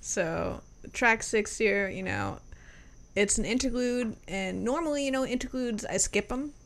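A woman's voice: a little high, big pitch swings, a little slow, gravelly. A woman co-hosting a music review, chatting casually, laid-back and hedging, laughing often.

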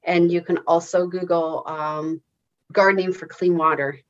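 A woman working for a conservation district, explaining programs as an interview guest in a relaxed, friendly way. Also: fairly low pitch, unhurried. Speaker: soil and water conservation district staff. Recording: dull lo-fi sound.

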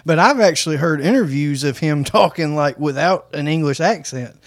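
A man in casual podcast chat who teases his co-host with quick joking remarks. His voice is slightly high with a lively swing. The sound is dry and close. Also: no room sound. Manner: joking, teasing, dry quips.

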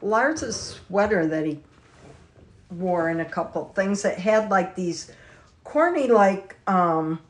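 A woman's voice: medium pitch, animated, slow pace, slight background noise. A woman giving her opinions in casual chat, unsure, with many fillers. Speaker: podcast guest.

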